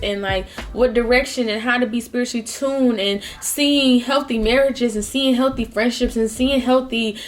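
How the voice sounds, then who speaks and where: A woman in her twenties talking casually while eating, heartfelt and rambling, with lots of fillers. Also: fairly high pitch. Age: 20s. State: close to tears at times. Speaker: vlogger. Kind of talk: casual mukbang talk.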